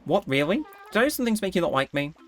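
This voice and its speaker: A man's voice: high-pitched, very animated, rapid-fire, soft background music, pitched above the performer's own voice. A man reading out the lines of an upset female animal villager in a game, whiny and wounded. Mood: hurt. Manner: reads game dialogue aloud, mock-indignant.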